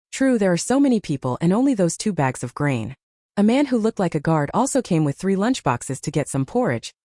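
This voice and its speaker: A woman narrating a translated novel as an audiobook, in a steady storytelling delivery. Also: lowish voice, dry recording, studio quality.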